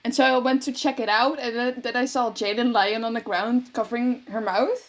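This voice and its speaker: Young woman, high-pitched, casual, chuckling recounting. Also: steady tone, a little fast. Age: young adult. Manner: chuckles through her account.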